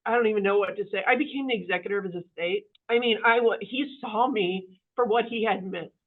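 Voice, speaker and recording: A woman's voice: medium pitch, fairly quick. Chatty woman on a tinny phone line. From Kansas City area, US. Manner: animated, acts out quoted voices, many fillers. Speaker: podcast guest. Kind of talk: candid storytelling interview. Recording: phone-like narrow audio.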